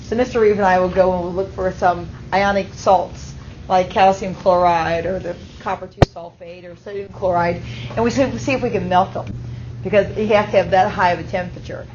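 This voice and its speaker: A woman's voice: on the low side, steady tone, a little fast, noisy background. Woman teacher lecturing a chemistry class. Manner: explains step by step, checks in with "okay?". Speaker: high school chemistry teacher. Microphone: auto-tracking camera mic. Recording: slightly muffled classroom recording.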